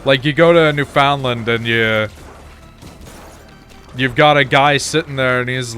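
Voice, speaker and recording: A man talks through his game session in an easygoing, profane way, chatting with his viewers as he plays. His voice sits at a middling pitch. Soft music runs underneath. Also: a little slow, pauses often. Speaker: streamer. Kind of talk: casual gameplay commentary.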